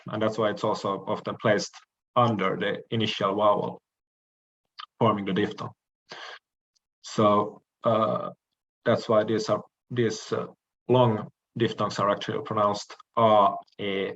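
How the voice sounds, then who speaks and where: Male lecturer, slow and measured, hesitant "uh" pauses, muffled lo-fi recording. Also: on the low side, a bit bright. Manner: measured, explanatory, frequent "uh" pauses and restarts. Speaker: language lecturer.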